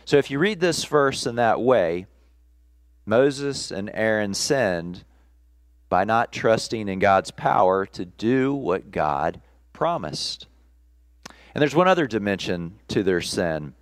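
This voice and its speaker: A male pastor delivers a sermon at an unhurried, measured pace, pausing between phrases. His voice sits low, and the sound is dry and close, with little room echo. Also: sing-song. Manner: slow, deliberate preaching with pauses. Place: church, streamed service.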